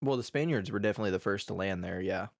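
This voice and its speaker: A man's voice: on the low side, rapid-fire, gravelly, no room sound, clean studio sound. A man in casual chat, arguing points and acting out little scenes. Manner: argumentative, animated storyteller.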